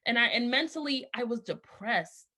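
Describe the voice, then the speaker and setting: Woman, 30s, earnest personal testimony, bright, slightly high voice. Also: animated, normal speed. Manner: earnest, emotional, candid. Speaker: speaker sharing her story.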